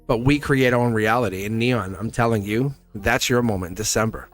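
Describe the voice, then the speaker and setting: A man's voice: lowish voice, brisk, faint music behind. A man giving a live tarot reading, talking in a rambling, earnest way, laughing often and acting out quoted lines. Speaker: tarot reader. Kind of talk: live tarot reading, casual spiritual talk.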